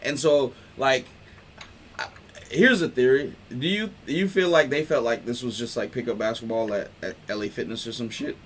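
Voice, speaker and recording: A man hosting a casual sports talk stream, riffing in loose, slangy, animated talk. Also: mid-range voice, normal speed, slight background noise. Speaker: host.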